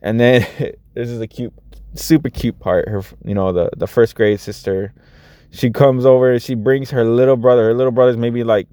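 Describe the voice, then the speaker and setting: A man's voice: medium pitch, dark tone, no room sound. A man in his thirties talking casually to his viewers as a vlogger, earnest and rambling, with many restarts. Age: 30s. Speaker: vlogger and after-school teacher. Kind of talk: casual vlog talk to viewers.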